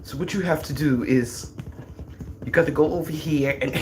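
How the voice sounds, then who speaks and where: A woman's voice: deep voice, moderate pace, background noise. A middle-aged woman with a Jamaican accent, chatting casually on a livestream in a teasing, boastful manner. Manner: animated, teasing, boastful about her children. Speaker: livestream host.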